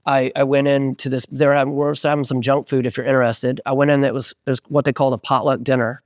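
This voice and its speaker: A middle-aged musician being interviewed tells a story quickly in a mid-range voice, captured in clean studio sound with no room ambience. He's an animated storyteller in a casual setting, using plenty of fillers and acting out quotes.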